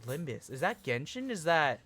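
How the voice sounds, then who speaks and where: A young man hosting a casual live stream, chatting excitedly with viewers, swearing and laughing as he reacts to chat. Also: a little high, moderate pace, breathy edge. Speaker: livestream host.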